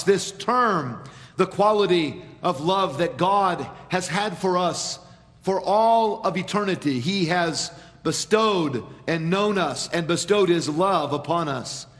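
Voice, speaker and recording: Man, pastor, sermon in a church, measured delivery, dramatic pauses, sudden soft drops, high voice. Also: animated, big-room sound. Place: church sanctuary.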